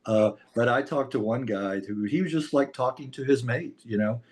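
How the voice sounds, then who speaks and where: American male interviewer, relaxed chatty delivery, laughs easily. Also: medium pitch, moderate pace. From United States. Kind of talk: casual interview chat.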